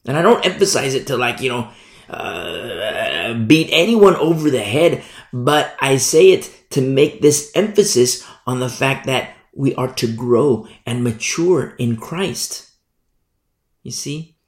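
A man's voice: medium pitch, expressive, slow pace. Male pastor preaching, emphatic and repetitive, recorded in an echoey room. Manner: emphatic, repeats key phrases, frequent "you see". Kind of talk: sermon.

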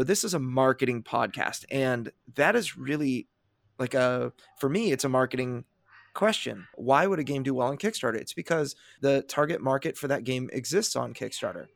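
A male podcast host talks in an energetic, chatty way and often restarts his sentences. His voice has a gravelly, fry-laden edge. The sound is close and dry, with no room around it. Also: medium pitch, dry recording. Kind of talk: casual podcast discussion.

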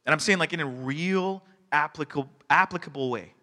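Man preaching, raised pitch, animated storytelling, long church hall echo. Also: fairly quick. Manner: conversational, animated storytelling with laughs. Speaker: pastor. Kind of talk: sermon. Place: church sanctuary.

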